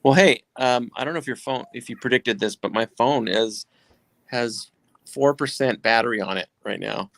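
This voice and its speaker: A man's voice: medium pitch, normal speed, gravelly, fairly bright tone, dry recording. A man chatting on a podcast, teasing and rambling through jokes. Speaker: podcast guest. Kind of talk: casual chat.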